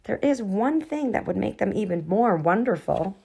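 A woman voicing Kendall, a cheerful, inventive young girl, with high, excited exclamations. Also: moderate pace, gravelly, breathy edge.

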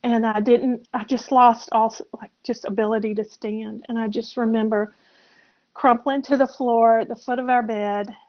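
A woman in her sixties from South Carolina, a podcast guest telling a personal story in a soft, halting, reflective way. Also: a little high, steady tone. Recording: muffled lo-fi audio.

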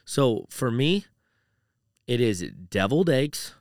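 A man's voice: medium pitch, expressive, slow pace, no room sound, clean studio sound. A man co-hosting a podcast in casual, rambling chat, full of "like" and "dude". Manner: rambling, uses "like" and "dude" a lot. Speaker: podcast co-host.

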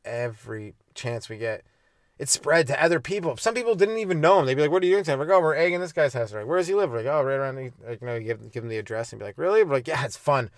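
A man's voice: medium pitch, animated, rapid-fire, no echo, clean studio sound. A young man from Canada hosting a comedy podcast, ranting on his own, swearing and acting out little scenes in mock voices. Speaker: podcast host, stand-up comedian. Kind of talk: solo comedic rant.

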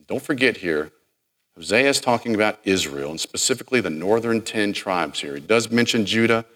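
A middle-aged man preaching a sermon, dramatic, acting out the people in the story and swinging from loud to hushed. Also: fairly low pitch, animated, brisk. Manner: dramatic, acts out quoted speech, varies loudness widely.

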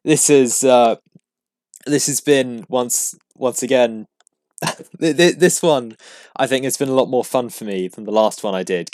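A man's voice: fairly low pitch, a little mellow, no room sound, clean studio sound. A man signing off his podcast in a rambling, self-deprecating way, chuckling at himself between restarts. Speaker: podcast host. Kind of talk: casual podcast sign-off.

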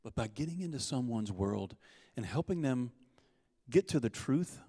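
A man's voice: medium pitch, expressive, normal speed, warm tone, slightly rough, no echo. A man giving a conversational sermon as a guest speaker at a church service. He tells stories and asks his listeners questions.

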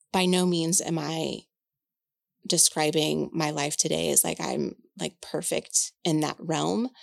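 A woman's voice: low-pitched, vocal fry, no room sound. A woman in her forties, a podcast co-host talking candidly in casual chat, swearing freely and thinking aloud. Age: 40s. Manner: candid, frank, swears freely, many fillers.

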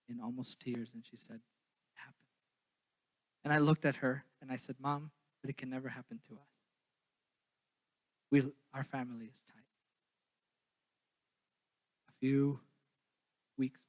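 A young man from southern Minnesota preaching a sermon, then telling his own story in a quieter, halting way. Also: medium pitch, flat delivery. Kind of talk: sermon with personal testimony.

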